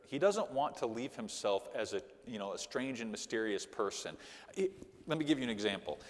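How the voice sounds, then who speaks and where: Animated preacher man in a reverberant hall. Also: medium pitch, fairly quick. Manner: animated, conversational, with frequent "okay?" asides. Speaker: Sunday school teacher. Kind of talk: sermon. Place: church hall.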